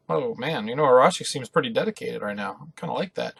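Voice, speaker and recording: A man hosting a live reaction, reading manga dialogue aloud and commenting excitedly between lines. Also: mid-range voice, fast, creaky, hardly any pauses, husky, no room sound. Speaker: reaction video host.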